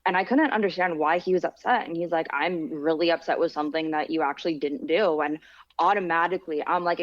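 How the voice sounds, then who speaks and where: A young woman guest in casual chat, candid and animated, acting out quotes as she tells stories. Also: fairly low pitch, brisk, no room sound, muffled recording. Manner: candid, animated storyteller who acts out quotes. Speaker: podcast guest.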